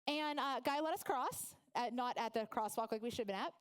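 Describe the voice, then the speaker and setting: A woman's voice: fairly high pitch, fairly quick, clear, resonant tone. A woman in her forties from Oklahoma giving a humorous motivational speech, telling stories and laughing along with the audience. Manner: lively storytelling, laughs with the audience. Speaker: guest speaker.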